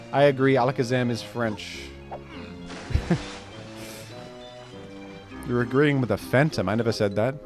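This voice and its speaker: A young man streaming a game, reading chat with dry, joking banter. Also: mid-range voice. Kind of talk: casual gameplay commentary.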